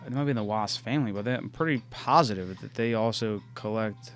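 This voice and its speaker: A young man co-hosting a podcast, casually chatting, laughing often and swearing as he tells animated stories. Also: fairly low pitch, fast, faint music behind. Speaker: podcast co-host. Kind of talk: casual chat.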